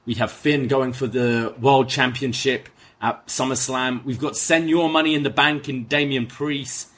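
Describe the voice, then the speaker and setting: A man's voice: mid-range voice, a little slow. A man co-hosting a casual wrestling review podcast, recapping the episode with fillers and restarts. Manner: recaps quotes in a lively retelling, with fillers.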